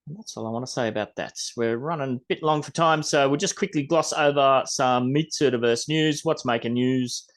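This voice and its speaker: A man's voice: mid-range voice, fairly quick, hardly any pauses. A man with an Australian accent hosting a podcast in rambling, casual chat, swearing mildly. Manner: rambling, chatty, mild swearing. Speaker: podcast host.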